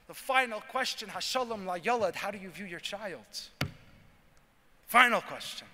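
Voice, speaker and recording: A man, a rabbi, giving a talk at a convention and telling a story, acting out the lines of its characters with lively energy. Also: high-pitched. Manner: animated storyteller acting out dialogue. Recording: reverberant hall.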